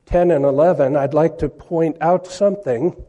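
A man's voice: fairly high pitch, mellow, muffled recording. A man preaching a sermon, reading verses aloud and stressing key words with emphasis. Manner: slow, emphatic, reads scripture aloud.

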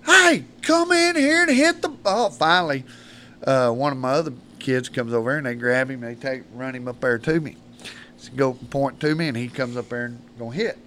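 A man's voice: mid-range voice, steady tone, a little fast, fairly bright tone, a little hiss or hum. A man, a podcast guest telling rambling, folksy stories and laughing through them. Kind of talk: casual storytelling.

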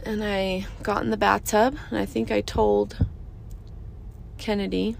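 A woman's voice: mid-range voice, level tone, unhurried, gravelly, pauses often, a little hiss or hum. A woman in her thirties hosting a casual monologue, earnest and emphatic, repeating short phrases. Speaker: podcast host.

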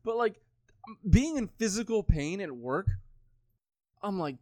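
A man's voice: sits high, sing-song, a little slow, darkish tone, no echo, clean studio sound. A man in his twenties talking casually, rambling with lots of swearing and filler words. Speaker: podcast co-host. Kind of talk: casual chat.

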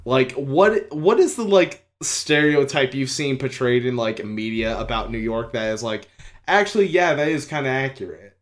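A young man chatting casually, rambling through his stories and swearing freely. His asides come quick and loose. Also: mid-range voice. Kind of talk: casual chat.

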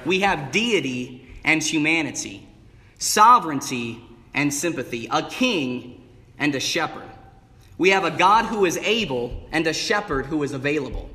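A man's high-leaning voice, pushed and bright, stays animated and unhurried through an evening church sermon. He lengthens key words in an emphatic cadence. The recording carries a hall's long reverb, with the congregation calling back from the sanctuary.

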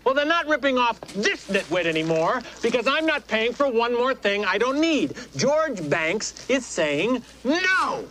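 A furious middle-aged film character who rants with biting sarcasm. His voice sits high and leaps up and down as his indignation builds. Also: big pitch swings, a little slow, hardly any pauses, sharp tone, heavily acted. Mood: indignant. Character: furious middle-aged man ranting over hot dog buns.

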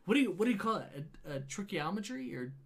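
A man's voice: high voice, sing-song, fast talker, creaky. A man casually retelling a wild night to a friend, swearing a lot and acting out quoted dialogue. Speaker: storyteller. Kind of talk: casual storytelling chat.

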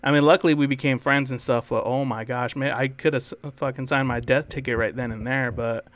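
A man's voice: medium pitch, steady tone, a little fast, a bit bright, no echo. A young man co-hosting a podcast, telling school stories in a rambling, swear-filled casual chat. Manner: rambling storyteller, swears freely. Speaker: podcast co-host.

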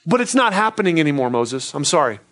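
A man's voice: fairly high pitch, big pitch swings, quick pace, a bit bright. A preacher voicing God as a stern, sorry father. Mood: regretful.

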